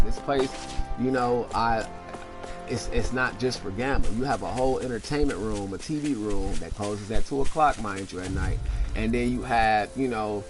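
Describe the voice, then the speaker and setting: A man's voice: fairly low pitch, normal speed. A man telling a heated, profane personal story while playing a game, often asking "you know what I'm saying". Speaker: gaming channel host. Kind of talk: casual storytelling over gameplay. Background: game music.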